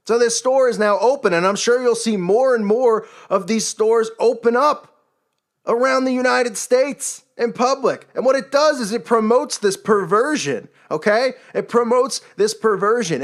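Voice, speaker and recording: A man with a notably high voice rants in an indignant, exasperated way. He delivers religious commentary, swinging between outrage and disbelief. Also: lively intonation, moderate pace. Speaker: online commentator.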